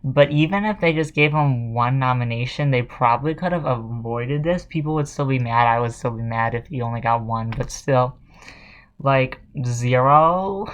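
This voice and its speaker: A man's voice: medium pitch, a bit bright, lo-fi sound. A man ranting casually to his viewers. He sounds sarcastic and exasperated, with a mocking, offhand edge. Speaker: vlogger. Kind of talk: casual commentary rant.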